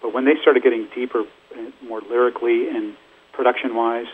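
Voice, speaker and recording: A man's voice: mid-range voice, level tone, a little fast, slight background noise. An older man, a musician guest, telling stories in a rambling, chatty way with lots of fillers. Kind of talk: casual interview storytelling. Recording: phone-like line.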